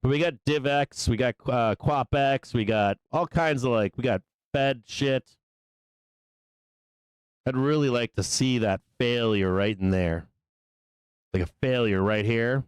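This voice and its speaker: A man hosting a live stock market show, talking through trades in a loose, profane, excitable way. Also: medium pitch, slow, clear, resonant tone, dry recording. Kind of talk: live trading commentary.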